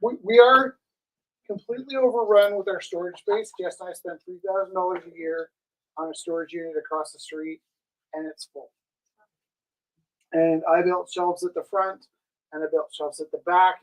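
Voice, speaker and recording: A man's voice: high-pitched, moderate pace, rough recording. A man co-hosting a live art auction stream, telling long rambling stories in casual chat. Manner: rambling storyteller, animated. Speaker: gallery co-host.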